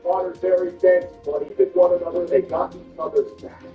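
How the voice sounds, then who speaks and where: A man commentating a hockey video game play by play, swinging from calm calls to loud outbursts and cursing, from Canada. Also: sits high, fairly quick, echoey room, recorded from a distance, muffled recording, faint music behind. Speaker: gaming commentator.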